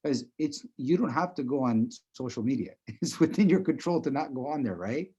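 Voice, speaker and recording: A man's voice: medium pitch, lively intonation, fairly quick, mellow, slightly rough. A man leading a live online breathing class, talking conversationally and often checking in with "right?". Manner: conversational, repeats "right?" often, chuckles while explaining. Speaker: breathing instructor. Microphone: video call.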